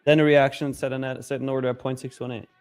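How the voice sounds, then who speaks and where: Mid-pitched man explaining trade setups. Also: level tone, fast talker, darkish tone, clean tone, soft background music. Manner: casual, questioning, explains setups. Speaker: co-host trading live. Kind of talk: casual trading chat.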